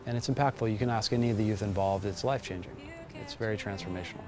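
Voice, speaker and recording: A man's voice: on the low side, racing, a little mellow. Upbeat man explaining a program. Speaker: program organizer. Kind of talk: promotional interview. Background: music.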